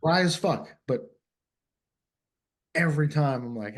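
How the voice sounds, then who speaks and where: A man co-hosting a podcast in casual chat, blunt and quick to laugh. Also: a little high, lively intonation. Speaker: podcast co-host.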